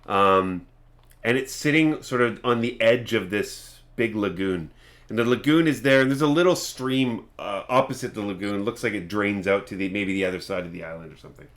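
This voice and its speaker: Game master, male, lowish voice, meandering scene-setting, restarts lines, casual tabletop session. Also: moderate pace, a bit bright. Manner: meandering, restarts sentences while describing.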